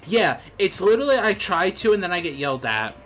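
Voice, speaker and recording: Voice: medium pitch, sing-song, fairly quick, fairly bright tone. A let's play co-host reading game dialogue aloud and putting on character voices between casual remarks. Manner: voices characters, reads everything aloud, laughs at self.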